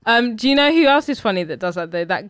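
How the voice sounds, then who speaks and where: Casting: young woman, slightly high voice, animated storyteller who slips into character voices. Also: fast, smooth, no echo, clean studio sound. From England. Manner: animated storyteller, acts out quotes in lively voices. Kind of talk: casual chat.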